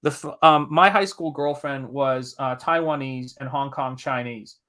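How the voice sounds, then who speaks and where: A man from Tennessee hosting a live stream, chatting casually and telling an animated, emphatic story with occasional swearing. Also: mid-range voice, measured pace. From Southern United States, Tennessee. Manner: animated, emphatic storyteller who reads out chat comments and swears when worked up. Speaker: live-stream host and comic artist.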